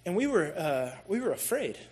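A man telling a personal story in a sermon, animated and self-deprecating as he talks to the congregation. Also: sits high, normal speed. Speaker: church speaker.

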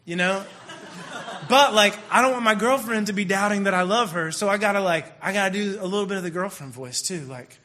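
A young man talks through a comic monologue in a lively, animated way. His voice sits high for a man, and he slips in and out of the characters he describes. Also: quick pace, hardly any pauses. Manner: animated, acts out quoted voices. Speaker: speaker. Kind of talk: comedic monologue.

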